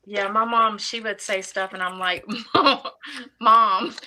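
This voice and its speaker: A woman's voice: on the high side, a bit bright, breathy edge, low-quality recording. A woman, co-hosting a casual chat and laughing often as she tells stories. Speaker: co-host.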